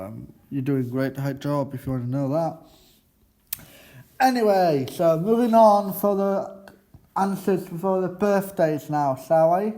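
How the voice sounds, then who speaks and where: A man presenting a student radio show in a halting, chatty way, often stopping to quiz his classmates in the studio. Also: a little high, dark tone. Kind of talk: casual radio chat.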